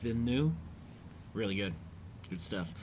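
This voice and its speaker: A man's voice: lowish voice, lively intonation, unhurried, background noise. A man hosting a casual episode commentary, rambling easygoing with lots of fillers. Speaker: podcast host.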